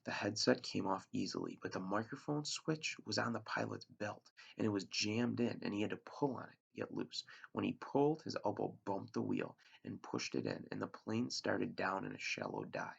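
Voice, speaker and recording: A male teacher reads a chapter of a novel aloud, in a lively, expressive voice that swings up and down. His low voice is very gravelly and husky, and the recording sounds dull and lo-fi. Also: normal speed, hardly any pauses.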